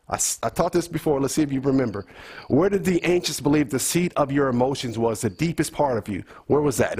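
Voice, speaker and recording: A man's voice: fairly high pitch, a little mellow, husky. A man giving a conversational Bible teaching in an earnest way, repeating key phrases and quizzing his listeners.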